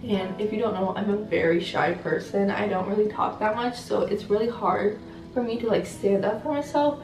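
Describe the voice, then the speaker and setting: A shy teenage girl co-hosting a casual sit-down chat, soft-spoken and hesitant, full of fillers. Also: medium pitch, moderate pace. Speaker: channel co-host. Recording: roomy sound, mic at a distance, faint music.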